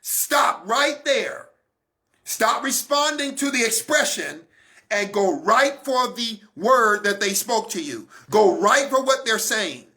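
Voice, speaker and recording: A man's voice: sits high, lively intonation, slow pace, sharp tone. A man giving a Christian teaching talk, emphatic and repetitive, coaching his listeners directly. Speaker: broadcast minister.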